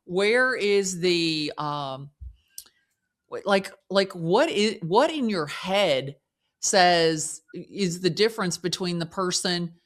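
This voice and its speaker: A woman's voice: fairly low pitch, animated, takes it slowly. A woman hosting a podcast, asking questions in a casual chat and often restarting her sentences. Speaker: podcast host.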